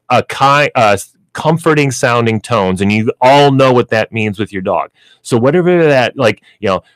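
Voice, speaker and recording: Chatty low-voiced man giving pet advice. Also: no echo. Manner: chatty, explanatory, many fillers. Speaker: pet store radio show host. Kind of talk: radio pet advice talk. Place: radio studio.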